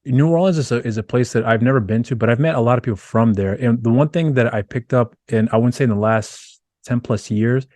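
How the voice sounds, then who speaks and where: A man's voice: mid-range voice, fairly quick, hardly any pauses, a little mellow, no echo. A male interviewer asking long, rambling questions in a casual conversation.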